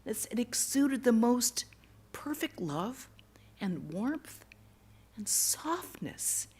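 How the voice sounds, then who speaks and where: A woman giving a temple lecture, telling stories earnestly and going soft and hushed on tender words. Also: fairly high pitch, big pitch swings, slow, husky. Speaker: monastic lecturer. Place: temple hall.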